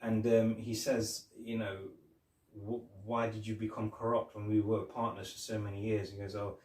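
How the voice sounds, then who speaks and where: Co-hosting a podcast, a man chats casually while reviewing a TV episode, retelling favourite scenes and quoting characters' lines. His voice is on the low side and darkish, at normal speed with little pitch movement, picked up on a roomy, distant mic.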